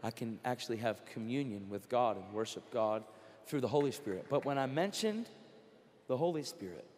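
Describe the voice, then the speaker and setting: A middle-aged man preaching a sermon at a conference, telling stories with quoted dialogue and building to near-shouting. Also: mid-range voice, lively intonation, moderate pace, a little hiss or hum. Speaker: guest preacher. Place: large conference hall. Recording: long hall reverb.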